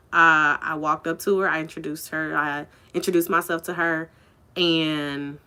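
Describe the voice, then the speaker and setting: A woman's voice: low voice, sharp tone. A woman telling a personal story in a casual vlog, chatty and candid, full of "like" and "you know".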